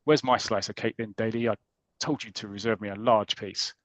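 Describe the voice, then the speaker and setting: A man's voice: on the low side, steady tone, brisk, no room sound, close to an everyday voice. A bossy teenage dormitory prefect from a comic, demanding and bullying, as a man reads him aloud. It stays close to the reader's everyday voice. The sound is dry.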